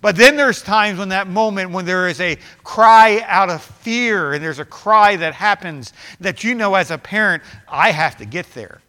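Male pastor, high and bright, emphatic sermon delivery, long reverb of a church hall. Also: normal speed, hardly any pauses, smooth. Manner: rising to fervent, emphatic preaching with repeated phrases.

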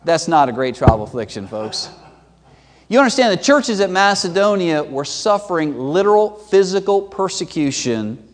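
A man preaching a sermon as pastor, swinging between loud emphatic peaks and low, quiet drops. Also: sing-song, moderate pace. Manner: emphatic preaching with sweeping pitch and loudness swings. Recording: long hall reverb.

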